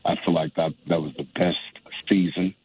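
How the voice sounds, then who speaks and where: A man's voice: low-pitched, steady tone, normal speed, darkish tone, slightly rough. A young adult man, a stand-up comedian, chatting casually and rambling with many restarts and laughs. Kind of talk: casual phone interview. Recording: dry phone line.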